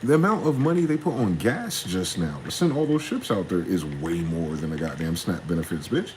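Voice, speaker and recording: A young man, ranting in a casual, profane solo monologue, jumping from heated questions to low muttering. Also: sing-song, brisk, darkish tone, a little hiss or hum, low-quality recording. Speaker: podcast host.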